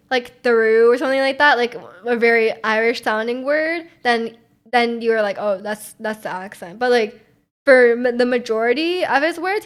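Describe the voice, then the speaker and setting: A young woman streaming and chatting casually with her viewers, rambling and filling her talk with "like" and little laughs. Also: a little high. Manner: rambling, heavy use of "like", frequent laughs.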